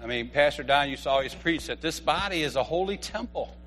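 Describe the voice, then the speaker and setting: A man in his fifties giving a humorous church testimony, an animated storyteller who laughs often. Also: a little high, fairly quick, few pauses, a little hiss or hum.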